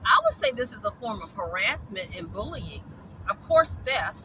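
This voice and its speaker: A woman's voice: mid-range voice, huge pitch swings, normal speed, heavy background noise. A woman, ranting bluntly and profanely in a vlog about dog rescue.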